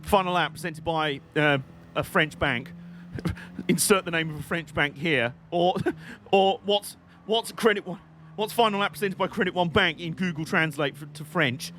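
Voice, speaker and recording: A young man streams a racing game, giving rambling, jokey live commentary full of chatty banter. His voice is fairly high and fairly bright, at a moderate pace, with slight background noise.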